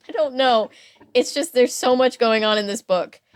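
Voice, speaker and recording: A woman hosts a casual podcast chat in a somewhat high voice. She is sarcastic and laughs often, with plenty of fillers and restarts. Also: a little slow, clean tone. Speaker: podcast host. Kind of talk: casual chat about a novel.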